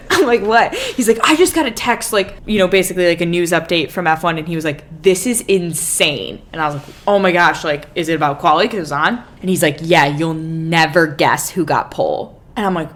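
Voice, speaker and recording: A woman co-hosting a podcast in casual chat, telling stories animatedly and acting out quotes. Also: lowish voice. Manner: animated storytelling, acts out quotes. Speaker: podcast co-host.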